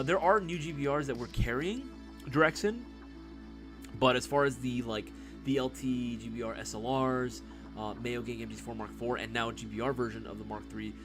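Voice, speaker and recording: A man hosting a casual live stream Q&A, excitable and profane, who laughs easily. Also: medium pitch.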